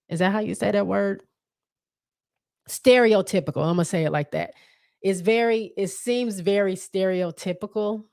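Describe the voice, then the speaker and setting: A woman hosts a relaxed solo podcast, talking straight to her audience in a loose, rambling way with plenty of ums and little laughs. Her voice sits low for a woman. The sound is dry and close, with no room around it. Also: dry recording. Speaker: podcast host. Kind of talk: casual solo livestream podcast.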